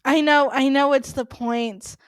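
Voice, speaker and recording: A woman's voice: sits high, fairly even intonation, a little slow, no echo, studio quality. A young woman co-hosting a podcast in casual chat, gushing and laughing often as she talks. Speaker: podcast co-host.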